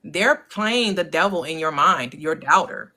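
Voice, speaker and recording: A woman's voice: low voice, animated, unhurried, pushed and bright. Earnest woman with a preacherly lilt. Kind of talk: casual faith-based discussion.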